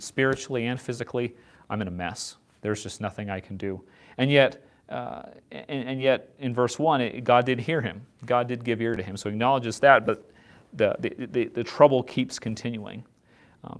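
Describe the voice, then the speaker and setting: A man leading an informal Bible study, talking in a halting way and often repeating words as he restarts his sentences. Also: on the low side. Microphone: set up far from the speakers.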